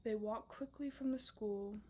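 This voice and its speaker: Her voice a little high and her pace a little slow, a young woman casually pitches her student film script late at night. She whispers a lot, fills her sentences with fillers, and breaks into loud asides, over a faint hiss or hum.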